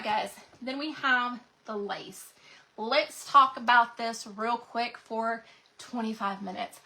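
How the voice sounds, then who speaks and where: A woman's voice: on the high side, creaky, pushed and bright, rough recording. A woman hosting a craft livestream, chatting and gushing to viewers, her voice cracking from a sinus infection. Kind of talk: casual livestream chat to viewers.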